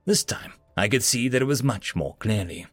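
A man narrating a story in the first person in an expressive, dramatic way. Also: lowish voice, normal speed, dry recording, faint music behind. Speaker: audiobook narrator.

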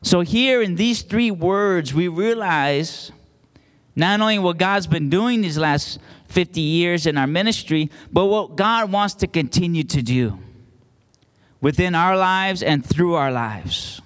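A man's voice: a little high, measured pace, fairly bright tone. Preaching man in a reverberant hall. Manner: call-and-response preaching, builds emphasis. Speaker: pastor. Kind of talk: sermon. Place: church sanctuary.

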